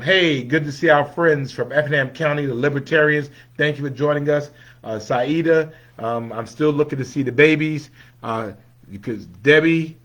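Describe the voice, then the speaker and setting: A man hosting a casual livestream, greeting viewers one by one in a friendly way and dropping into low, mumbled asides between names. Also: a bit bright, lo-fi sound. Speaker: livestream host.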